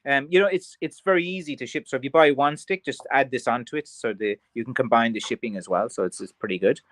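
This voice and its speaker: An Irish man chats through a livestream, wandering from thought to thought with plenty of ums and restarts. His voice sits at an ordinary middle pitch and sounds dry, with no room echo. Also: fast. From Ireland. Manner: rambling and chatty, many fillers and restarts. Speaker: craft seller hosting a livestream. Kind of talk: casual livestream chat, reading viewer comments.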